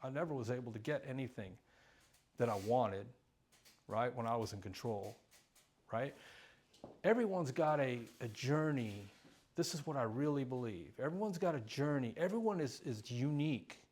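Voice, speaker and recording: A man's voice: medium pitch, animated, moderate pace, darkish tone, slightly rough. A middle-aged man telling his own recovery story in an earnest, emotional way, speaking in short bursts. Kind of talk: personal testimony talk.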